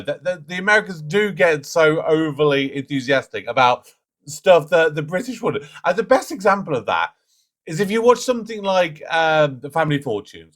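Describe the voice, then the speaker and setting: Lively bright-voiced British man chatting. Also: fairly high pitch. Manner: chatty, restarting sentences, bursts into loud mock whooping. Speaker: reaction video host. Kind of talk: casual commentary.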